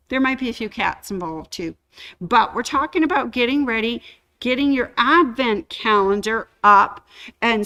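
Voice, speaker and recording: A woman hosting a sewing shop livestream, chatting casually and giving shout-outs to viewers. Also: on the high side. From Canada.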